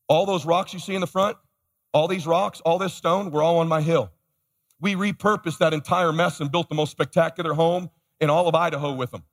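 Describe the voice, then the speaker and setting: A man giving a motivational keynote to a live audience, telling a story energetically and acting out the other people in it. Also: a little high. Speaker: motivational speaker. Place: large conference hall. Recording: live hall with long reverb.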